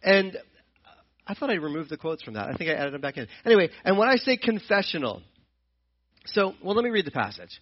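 A man's voice: sits high, big pitch swings, fairly quick, highs cut off. A man teaching from the Bible in an earnest, explanatory way, often repeating and restarting his phrases. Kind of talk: sermon-style Bible teaching.

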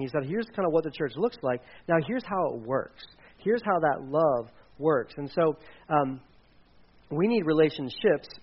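A man's voice: a little high, husky, muffled recording. A man in his forties, a pastor preaching a casual sermon with dad jokes and frequent fillers. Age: 40s.

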